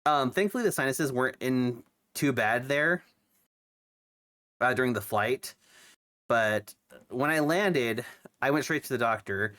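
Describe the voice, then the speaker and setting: A man's voice: mid-range voice, a little slow, pauses often, a bit bright. A young man who is sick with a cough, chatting casually on his stream, rambling with lots of fillers and restarts. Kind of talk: casual chat.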